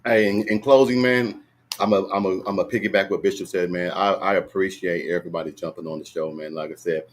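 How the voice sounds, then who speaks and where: A man hosts a relaxed online football talk show. His voice sits very low with a husky grain, and he keeps things loose, joking and calling on each guest by turn. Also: brisk. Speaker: show host. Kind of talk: casual panel chat.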